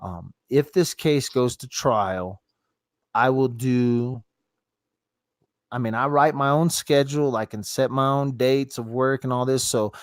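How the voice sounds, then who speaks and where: A man's voice: medium pitch, measured pace, dry recording, studio quality. A middle-aged man hosting a casual live stream from his phone, rambling loosely and swearing freely as he talks with callers. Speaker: livestream host taking callers.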